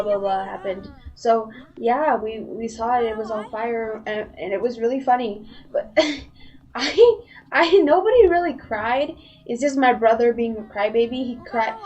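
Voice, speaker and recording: Rambling young woman, high voice. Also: a little mellow, rough recording. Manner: rambling, full of "like" and restarts. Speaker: live stream host. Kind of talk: casual storytelling on a live stream.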